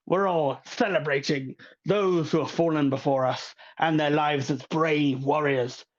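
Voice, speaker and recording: A man's voice: steady tone, a little slow, lo-fi sound, lightly acted. A man putting on a showy festival host. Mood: grandiose. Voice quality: high showy announcer voice. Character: flamboyant male festival host in a fancy suit.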